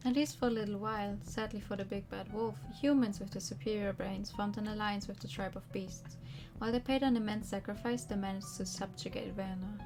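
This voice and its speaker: A woman's voice: medium pitch, steady tone, brisk. Woman dramatically reading game text aloud. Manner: dramatic read-aloud with chatty asides. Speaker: streamer. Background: faint background music.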